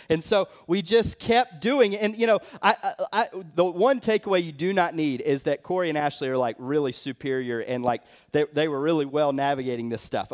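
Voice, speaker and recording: A young adult man, a pastor, telling his own story in a sermon, in a loose conversational way full of fillers and restarts. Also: a little high. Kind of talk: sermon testimony.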